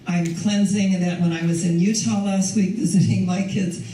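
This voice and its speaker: Older female minister, mellow voice, easy conversational sermon, distant mic in a reverberant hall. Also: on the low side, steady tone, normal speed, slight background noise. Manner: warm, conversational, laughs often. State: recovering from lost voice. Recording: echoey hall from far off.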